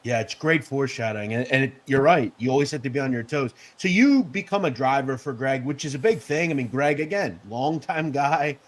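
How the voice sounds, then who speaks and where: A man's voice: medium pitch, fairly quick, few pauses. A man hosting a podcast interview, asking eager, conversational questions. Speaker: podcast host.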